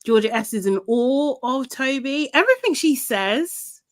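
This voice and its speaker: A woman's voice: sits high, animated, unhurried, no room sound. A young adult woman co-hosting a podcast, chatting casually and recapping scenes with frequent laughs. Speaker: podcast co-host. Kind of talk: casual reality-TV recap chat.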